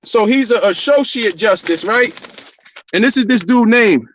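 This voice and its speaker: Holding his phone to film, a vlogger confronts court staff, insisting and arguing while he keeps repeating himself. His voice sits high and sounds animated and a bit bright, at a measured pace. A little hiss or hum can be heard.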